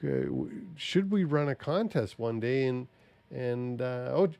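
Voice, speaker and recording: A man's voice: medium pitch, animated, a little slow, vocal fry, warm tone, clear, resonant tone, no room sound. A man hosting a podcast in casual chat, rambling and thinking aloud as he wraps up the show. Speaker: podcast host.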